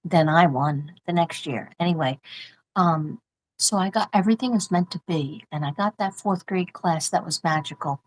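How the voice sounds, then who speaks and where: A middle-aged woman with a New York accent talks casually to her livestream viewers. Her voice sits a little low. She rambles from one story to the next and laughs often. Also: normal speed, slight background noise, rough recording. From Staten Island, New York. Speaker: livestream host, former teacher. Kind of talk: casual livestream chat reading mail.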